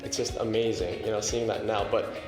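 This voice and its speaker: A man's voice: fairly low pitch, fairly even intonation, fairly quick. A young man giving a sincere, reflective interview answer. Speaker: guest, online creator. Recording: roomy hall with music underneath.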